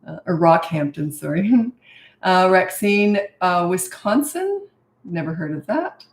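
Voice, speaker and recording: A woman's voice: on the low side, very animated, unhurried. An older woman, a parenting coach, chatting casually as she hosts a live stream, greeting viewers and laughing often. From Canada and Australia. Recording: roomy echo.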